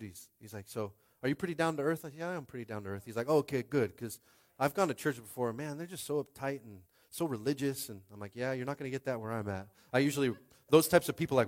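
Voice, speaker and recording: A young man preaching a sermon as pastor, conversational and animated, calling out to the congregation. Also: medium pitch, fast.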